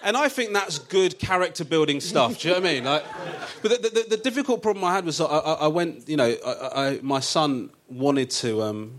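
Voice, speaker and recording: A man's voice: fairly high pitch, expressive, fairly quick, few pauses, a bit bright, a little hiss or hum. A man, a comedian guest telling stories on a live show in a chatty, self-mocking way, often laughing at his own jokes. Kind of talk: comic storytelling on a live show. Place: theatre stage before a live audience.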